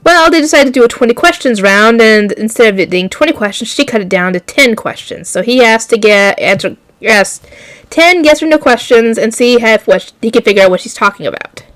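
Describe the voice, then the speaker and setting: A woman casually recapping an anime episode for her channel, rambling and excitable, jumping into loud shocked outbursts. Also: a little high, a little fast, no echo. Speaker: anime reaction YouTuber.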